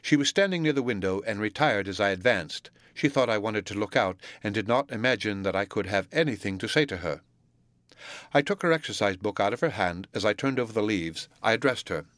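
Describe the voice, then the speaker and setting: A man reading a classic novel aloud as an audiobook narrator, in a measured, deliberate way. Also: on the low side, expressive, fairly bright tone, dry recording. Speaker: audiobook reader.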